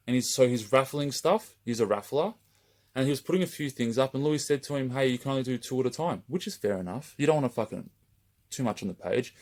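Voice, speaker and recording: A man running a raffle page, delivering a heated, rambling open-letter rant straight to camera and swearing constantly. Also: mid-range voice.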